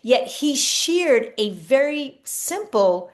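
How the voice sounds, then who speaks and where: This woman is a spiritual coach chatting casually to camera, her voice sitting high with a sing-song quality as she takes things slowly. Earnest and reflective, she sometimes slips into gentle spoken affirmations.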